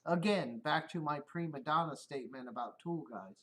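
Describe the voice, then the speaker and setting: A man's voice: on the high side, normal speed, fairly bright tone. A middle-aged man on a casual livestream, rambling and swearing, often laughing at his own stories. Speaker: streamer.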